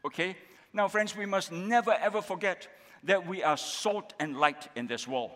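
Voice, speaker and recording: A man's voice: high-pitched, normal speed, a bit bright. A man with a Malaysian English accent preaching a sermon as pastor, often checking with the congregation through repeated rhetorical questions. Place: church hall. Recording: long hall reverb.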